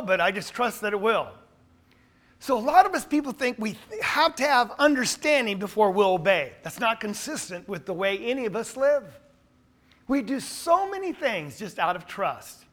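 A man preaching a sermon, asking the listeners questions and acting out what people say. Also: high voice. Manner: animated, asks the congregation questions, acts out quotes.

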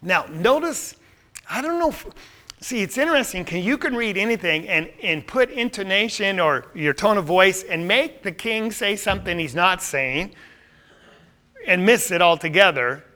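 A man's voice: high voice, expressive, moderate pace, pushed and bright. A man teaching a Bible study in a conversational way, often checking in with listeners.

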